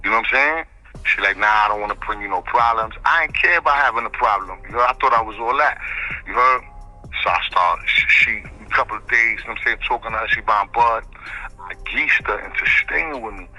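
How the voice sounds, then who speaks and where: Bright-voiced man. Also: on the low side, fairly quick, soft background music, poor audio. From the Bronx, New York. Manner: slangy, rambling, keeps asking "you know what I'm saying". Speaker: interview guest. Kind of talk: street storytelling.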